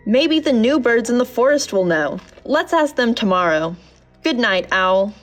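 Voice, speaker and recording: A woman voicing an eager young male chickadee in a storybook reading, chirpy and excited. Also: fairly high pitch, a little slow, faint music behind. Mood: chatty.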